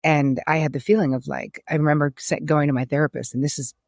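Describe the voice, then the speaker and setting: A woman's voice: deep voice, fairly even intonation, fast talker, gravelly, a little mellow. A woman hosting a podcast interview, talking in a reflective, chatty way with frequent restarts. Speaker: podcast host. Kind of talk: conversational interview.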